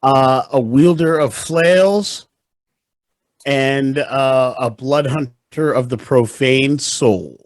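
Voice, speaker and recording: Slow, careful player man. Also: medium pitch, no room sound.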